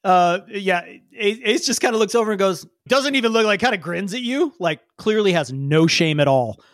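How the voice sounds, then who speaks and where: A woman's voice: medium pitch, normal speed, dry recording, clean studio sound. A woman narrating as game master of a tabletop role-play, talking loosely with many fillers. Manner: animated, voices many characters, frequent fillers.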